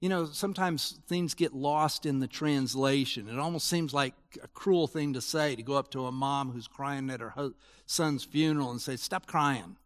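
A man's voice: medium pitch, moderate pace, in a large hall. A man preaching a sermon in an earnest, explanatory way that swells into emphatic, rising passages. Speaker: pastor.

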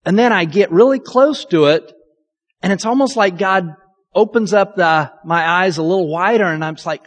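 A man's voice: sits high, expressive, moderate pace. A man, a pastor, preaching a conversational sermon in a candid, self-deprecating, chatty way. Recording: long reverb of a large hall.

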